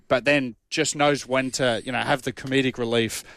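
An Australian man, a former rugby league player, telling lively, laughing anecdotes in casual radio chat. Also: mid-range voice, moderate pace, no echo, clean studio sound.

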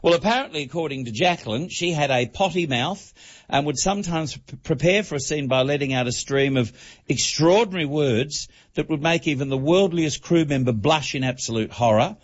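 A man giving an entertainment report on talk radio, talking quickly, with many fillers and restarts. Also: fairly high pitch. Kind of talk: radio chat, book review. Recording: dull broadcast audio.

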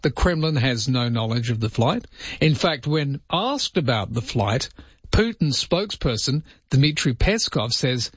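A man's voice: mid-range voice, lively intonation, a little slow, breathy edge, no room sound. A man hosting overnight talk radio, joking and sounding incredulous as he goes through the news. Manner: jokey, mock-incredulous, puts on comic accents. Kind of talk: casual talk radio banter. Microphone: studio microphone, dry. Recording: muffled broadcast audio.

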